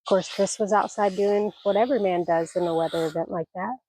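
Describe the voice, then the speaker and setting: A woman's voice: mid-range voice, steady tone, fairly quick, warm tone. A retired woman in her sixties vlogging casually outdoors on her mountain homestead, chatting into a phone camera in a rambling, folksy way, her voice a little scratchy from allergies. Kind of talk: casual vlog chat.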